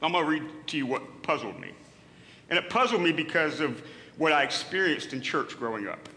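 Man, pastor, sermon, emphatic, repeats words, slightly high voice, roomy hall echo. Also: very animated, brisk, pushed and bright. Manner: earnest, emphatic, repeats words as he builds a point. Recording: echoey hall with long reverb.

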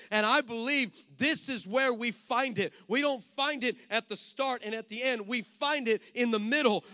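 A man's voice: extremely high pitch, pushed and bright. A male pastor preaching a sermon in an emphatic, punchy way.

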